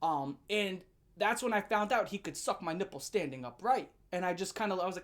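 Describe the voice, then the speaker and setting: A woman tells a storytime rant straight to her viewers. She is animated and profane, swinging into loud, laughing shouts. Her pitch sits at an ordinary middle height. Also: brisk. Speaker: vlogger.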